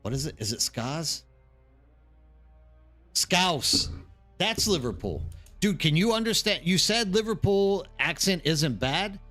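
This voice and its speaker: A man's voice: fairly high pitch, very animated, normal speed, fairly bright tone, faint music behind. A tired man from the Houston area, chatting casually as a livestream host and rambling with lots of "like" and "dude". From Texas, Houston area. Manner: rambling, chatty, says "like" and "dude" a lot, reads the chat aloud.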